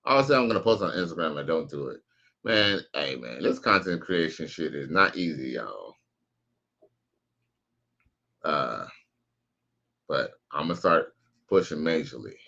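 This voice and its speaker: A man's voice: a bass voice, very animated, normal speed, gravelly, sharp tone, dull audio. A man casually commenting on a live stream, slangy and profane, reacting to clips and reading out chat. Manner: laid-back, slangy, profane, reads out chat messages.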